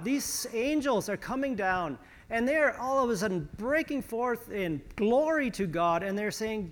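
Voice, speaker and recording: High-voiced man preaching a sermon. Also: a bit bright. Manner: conversational preaching with restarts and sarcasm. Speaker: pastor.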